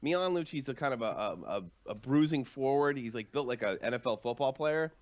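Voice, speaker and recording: A man's voice: mid-range voice, animated, a little fast. A man co-hosting a casual sports chat, talking in a rambling, hesitant way with many fillers. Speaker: co-host.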